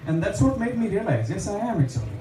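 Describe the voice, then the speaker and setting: A man's voice: high-pitched, sing-song, fast, warm tone, faint music behind. A young man doing open mic stand-up in a small bar, chatty and self-deprecating, with lots of fillers. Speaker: stand-up comedian. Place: small bar stage with a live audience. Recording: echoey bar room, distant mic, audience laughter.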